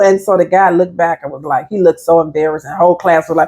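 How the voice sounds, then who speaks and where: A woman's voice: deep voice, a little fast, a little mellow. A woman therapist and life coach giving a chatty, emphatic motivational vlog talk straight to her viewers. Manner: chatty and emphatic, addresses viewers as "you all".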